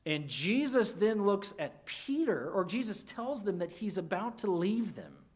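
Pastor preaching, goes big then drops real quiet, keeps restarting for emphasis. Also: measured pace. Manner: expressive preaching that swings between loud emphasis and hushed low lines. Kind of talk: sermon.

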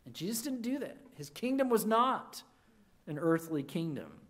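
Dramatic preacher, loud then hushed. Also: moderate pace. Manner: expressive preaching that swings between loud emphasis and hushed low lines; emphatic repeated restarts. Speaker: pastor. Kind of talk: sermon.

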